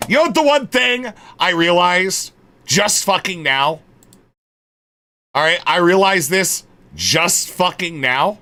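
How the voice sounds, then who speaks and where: Bright-voiced, profane male streamer. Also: high voice, lively intonation, slow pace. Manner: profane, swings from mumbling to exasperated shouting. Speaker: livestreamer. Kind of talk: casual stream chat.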